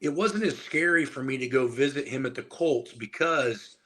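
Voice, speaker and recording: A man in his forties from Indiana speaks as a podcast guest at a middle pitch. He tells his story in a loose, animated way and swears freely. His tone is casual and conversational throughout. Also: normal speed. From Indiana, USA. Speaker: guest, powerlifter and strength coach.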